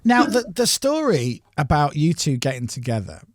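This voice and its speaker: A man's voice: fairly high pitch, wildly swooping pitch, moderate pace. A man hosting a radio show, teasing his guest in a playful, joking way. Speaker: radio host. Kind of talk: casual radio chat.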